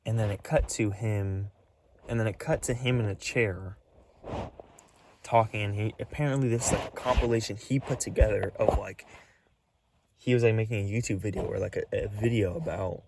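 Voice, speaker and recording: A man telling a creepy story in a casual vlog, rambling and halting with lots of fillers as he hunts for words. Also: on the low side, fairly even intonation, background noise. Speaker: vlogger.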